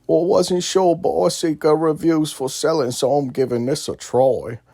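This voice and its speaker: A man's voice: fairly high pitch, normal speed, creaky, warm tone, dry recording, studio quality, voice pushed up. A man putting on an English accent to read out a gamer's plea to buy an in-game item. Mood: pleading. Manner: put-on English accent, dramatic reading. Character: pleading male gamer asking to buy an item.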